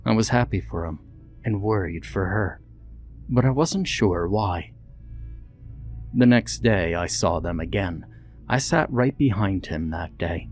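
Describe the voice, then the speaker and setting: A man narrating a story in a reflective, steady storytelling manner. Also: lowish voice. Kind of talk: scripted horror story narration. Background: faint background music.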